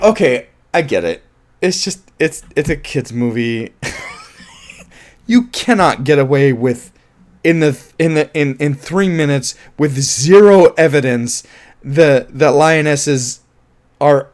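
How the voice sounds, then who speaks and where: A man casually reviewing a film, animated and laughing often, with offhand swearing. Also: on the high side, takes it slowly. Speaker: movie reviewer.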